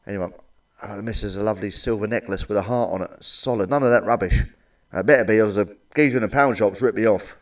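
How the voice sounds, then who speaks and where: A middle-aged man doing blunt, crude stand-up one-liners with a deadpan delivery and plenty of swearing. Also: fairly low pitch, quick pace, far from the mic. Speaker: stand-up comedian.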